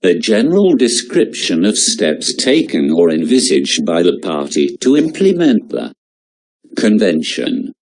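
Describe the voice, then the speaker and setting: A man reading out exam-prep lecture notes in a slow, measured way. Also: deep voice, very animated, a little mellow.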